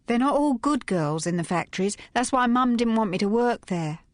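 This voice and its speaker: A woman's voice: lively intonation, normal speed, no room sound, close to an everyday voice. A woman voicing a prim young housemaid. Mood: earnest. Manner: prim, respectful, higher and brighter. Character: young working-class maid, prim and earnest.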